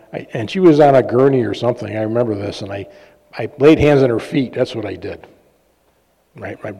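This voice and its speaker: Relaxed male preacher in a hall. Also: mid-range voice. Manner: conversational, jokey, fillers and self-laughs. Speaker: pastor and healing minister. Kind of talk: sermon with personal stories. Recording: long reverb of a large hall.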